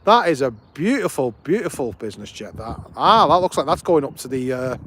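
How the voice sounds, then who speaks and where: Outdoors at an airport, a male host runs a live stream, talking with viewers in a relaxed, eager way, greeting them by name and offering lively commentary. His mid-range voice is sing-song and fairly bright, moving a little fast, and a faint hiss or hum sits under it.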